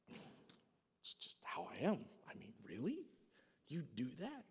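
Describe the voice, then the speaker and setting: A man preaching a sermon, telling a dramatic story in an animated way. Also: a little high, slow, pauses often, breathy edge, big-room sound. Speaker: pastor.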